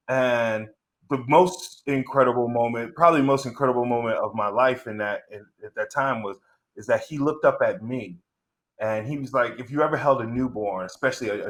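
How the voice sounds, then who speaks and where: A middle-aged man telling a stand-up story, rambling and halting with many fillers and restarts. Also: mid-range voice, a bit bright. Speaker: stand-up comedian.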